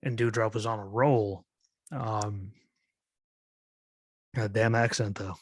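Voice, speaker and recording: A man's voice: lowish voice, steady tone, slow pace, dry recording, studio quality. Exasperated man ranting on a podcast. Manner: exasperated, skeptical ranting with frequent "like" and "literally". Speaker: podcast host. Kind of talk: solo wrestling commentary podcast.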